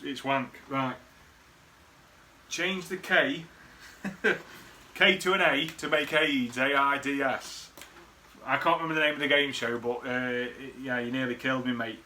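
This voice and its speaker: Guy, bright tense voice, rambling and sweary, faint background hiss. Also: mid-range voice. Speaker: friend recording a birthday message. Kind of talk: casual rambling reminiscence.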